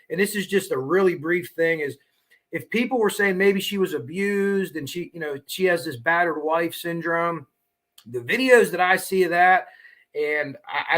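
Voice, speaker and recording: Talk host, male, slightly high and very bright voice, rambling and frank, salty language. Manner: rambling, talks in asides and tangents; frank and profane. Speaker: true crime channel host. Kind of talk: casual livestream commentary.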